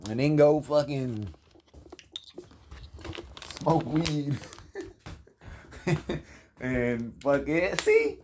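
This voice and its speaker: A young adult man telling a rambling, profane story in a casual rant. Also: medium pitch.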